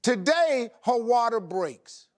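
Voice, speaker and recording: A man hosting a talk show, joking and teasing guests in loud comic bursts before a live audience. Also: very high voice, expressive, slow pace. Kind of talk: audience Q&A banter. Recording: live studio crowd, background noise.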